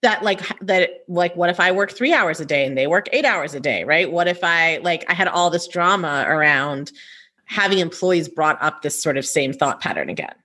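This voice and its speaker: A woman's voice: fairly low pitch, normal speed. A woman coach hosting a podcast, talking casually and animatedly and often tagging her points with "right?". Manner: animated, frequent "right?" tags.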